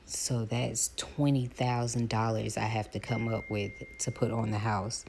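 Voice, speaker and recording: A woman, chatting casually to her viewers while doing her hair, animated as she retells her calls. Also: very deep voice, measured pace, gravelly, slight background noise. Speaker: vlogger.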